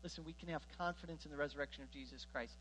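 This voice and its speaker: High-voiced animated male preacher. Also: racing, a little hiss or hum, poor audio. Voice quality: animated, swings from loud emphatic bursts to quiet asides. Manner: jokes and asides between scripture retellings. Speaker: pastor. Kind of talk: sermon.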